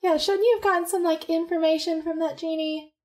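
A woman's voice: very high-pitched, fairly even intonation, brisk, darkish tone. A woman playing a tabletop game, chatting in a casual, playful way with some swearing.

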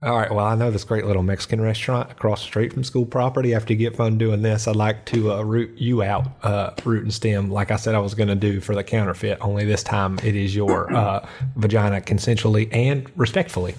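A man playing a tabletop role-playing game, delivering absurd lines in character with a deadpan manner. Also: lowish voice, a little fast. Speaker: player.

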